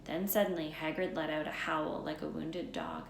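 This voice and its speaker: A woman teacher reading a chapter book aloud, narrating in an unhurried storytelling way. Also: deep voice, big pitch swings, creaky. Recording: roomy echo, faint background noise.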